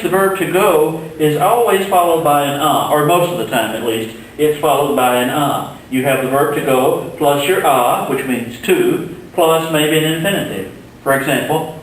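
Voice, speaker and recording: A man's voice: a little high, slight background noise. Man teaching in an echoey room. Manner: slow, patient explaining with fillers. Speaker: Spanish teacher. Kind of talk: recorded grammar lesson. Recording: very echoey room, mic far off.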